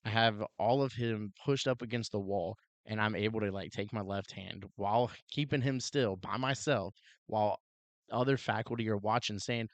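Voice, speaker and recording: A man co-hosting a podcast, telling a story in a casual, animated way, full of "like" and "dude" and acted-out quotes. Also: lowish voice, fairly quick, no room sound, dull audio. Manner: animated, heavy use of "like" and "dude", acts out quotes. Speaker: podcast co-host, police officer.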